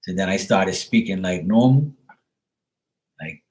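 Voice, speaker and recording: A Bermudian man with a low-set voice talks loosely on a live stream. He rambles through his thoughts, leaning on "like" and dropping casual swears. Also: animated, a little slow, a little mellow, low-quality recording. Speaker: tarot reader, live streamer.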